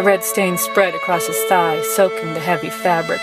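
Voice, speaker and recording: Brief: woman narrating a dark story like an audiobook, with music behind. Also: fairly low pitch, steady tone, normal speed, hardly any pauses, poor audio. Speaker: guest reader.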